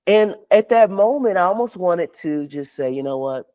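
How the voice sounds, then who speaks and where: A man, a podcast guest, telling a long story with excitement and acting out other people's lines as he goes. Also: sits high, normal speed, phone-quality sound. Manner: swears freely. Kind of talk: animated storytelling.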